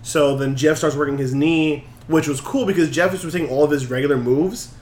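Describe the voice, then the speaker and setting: A man co-hosting a casual chat show, recapping wrestling in an animated way and acting out quotes. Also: on the high side, brisk, echoey room. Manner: animated, acts out quotes with laughs. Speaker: podcast co-host.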